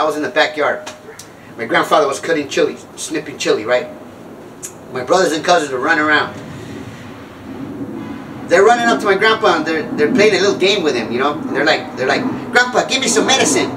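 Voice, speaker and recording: A man's voice: fairly high pitch, lively intonation, brisk, long pauses, distant mic, noisy background. A man in his sixties telling a rambling, self-mocking comic story about his past, often breaking off and starting over. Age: 60s. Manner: rambling, self-mocking, jumps back and restarts. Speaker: comedic speaker on sobriety. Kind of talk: comedic storytelling monologue.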